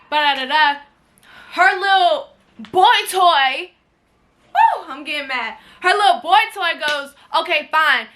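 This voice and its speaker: A woman telling a story to camera at home, talking casually with lots of slang and swearing, acting out what people said. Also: high voice. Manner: animated, slangy, swears freely, acts out quotes. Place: indoors at home near a window.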